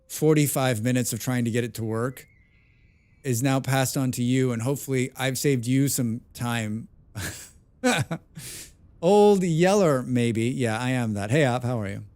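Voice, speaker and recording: A loud, excitable man streaming a survival game and chatting with his viewers. His voice is smooth and clear at an ordinary pitch, recorded close and dry with no room sound. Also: no echo. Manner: loud and excitable, calls himself a passionate speaker.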